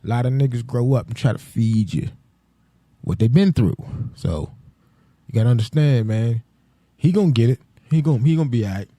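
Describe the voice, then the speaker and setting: A man's voice: mid-range voice, lively intonation, a little fast, warm tone, dry recording. Profane rambling podcast host man. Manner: profane, rambling, streetwise slang. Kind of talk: casual solo podcast rant.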